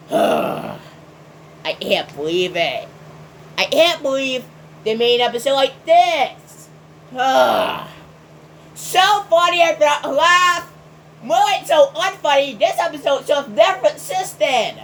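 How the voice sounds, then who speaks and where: A woman ranting in a review video, exasperated and sighing heavily between sentences, breaking into indignant shouts. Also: sits high, slight background noise, poor audio.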